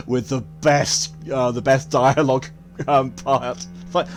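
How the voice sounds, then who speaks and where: A man's voice: medium pitch, steady tone, slow, long pauses, soft background music. A man streaming a video game, chatting casually with his viewers, joking, swearing freely and laughing often. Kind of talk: casual gaming stream chat.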